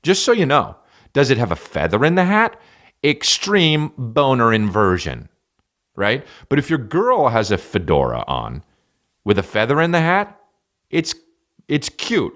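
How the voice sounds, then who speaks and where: A man hosting a podcast, riffing in a rambling, profane comic style with sudden loud jumps. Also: mid-range voice, huge pitch swings, a little slow. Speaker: podcast host and stand-up comedian. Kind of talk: casual solo podcast rant.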